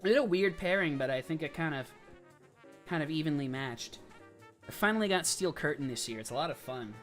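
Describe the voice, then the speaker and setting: A young man hosting a casual livestream, chatting and giving quick verdicts with asides and laughs. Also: fairly high pitch, expressive, a bit bright, soft background music. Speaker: livestream host. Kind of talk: casual live-stream commentary.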